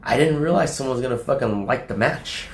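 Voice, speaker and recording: A young adult man streaming casually to his chat, profane and rambling, laughing often and acting out quotes in a high mocking voice. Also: fairly quick, roomy sound, slight background noise. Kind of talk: casual livestream talk to chat.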